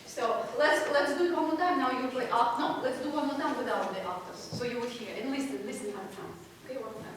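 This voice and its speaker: In a recital hall, a woman piano teacher coaches a student during a masterclass, high-pitched and fast with hardly a pause, encouraging, laughing often and exaggerating to make her point. A distant room mic captures her from far off in the echoey hall, with piano playing in the background.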